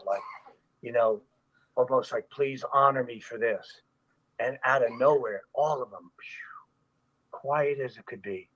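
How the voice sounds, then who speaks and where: A stuntman telling a story in an interview, animated and loose, acting out quoted voices with frequent fillers. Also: medium pitch, dull audio. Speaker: stuntman, guest.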